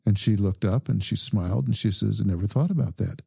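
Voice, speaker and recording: A man, a doctor guest on a podcast, calmly telling a story and quoting the people in it. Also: on the low side, creaky, husky, no echo, clean studio sound. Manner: calm, measured recounting with quoted dialogue. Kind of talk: conversational storytelling.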